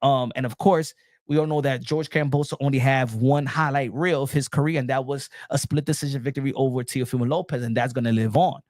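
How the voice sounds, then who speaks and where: A man giving an opinionated casual boxing monologue, repeating phrases and getting louder as he gets worked up. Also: mid-range voice, fairly quick, dry recording, clean studio sound. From New York. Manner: animated, repeats phrases, rising to shouts when worked up. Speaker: boxing commentator.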